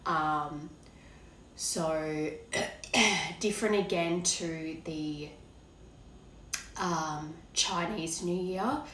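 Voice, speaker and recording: A woman with a hoarse, cracking voice from being unwell, giving a rambling, hesitant tarot reading to her viewers. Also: low voice, drawn-out words, long pauses, a bit bright, echoey room, a little hiss or hum, poor audio. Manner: rambling, hesitant, many fillers. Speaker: tarot card reader. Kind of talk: casual tarot reading to camera.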